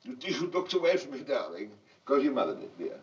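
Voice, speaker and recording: A man's voice: mid-range voice, sing-song, a little fast. A man directing actors on a film set, patient and coaxing, repeating his instructions and calling the child darling. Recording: hiss-laden muffled archival recording from a distance.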